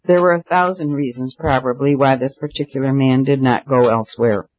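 A man reading a novel aloud in a steady, earnest manner. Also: mid-range voice, brisk, no room sound. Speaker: audiobook narrator. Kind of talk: scripted narration. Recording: dull dry recording.

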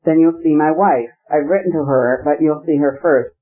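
A male narrator voicing an effusive, jovial middle-aged gentleman in an audiobook. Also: on the high side, moderate pace, phone-quality sound, close to an everyday voice. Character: beaming sociable gentleman, middle-aged man.

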